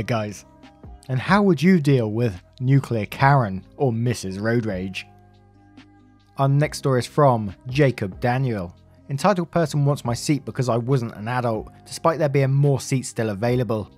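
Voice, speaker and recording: A man narrating online stories for his channel in a middle pitch, breaking off for casual, chatty asides to viewers. Quiet music runs faintly under his voice. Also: animated, a little slow. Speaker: story narrator. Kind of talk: reading online stories aloud.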